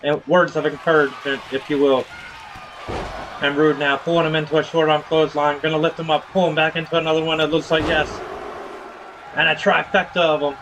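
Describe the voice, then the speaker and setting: Male streamer, casual play-by-play caller, slightly raised pitch, light background noise. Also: little pitch movement, brisk. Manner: casual, hypes viewers with slang. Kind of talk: play-by-play game commentary.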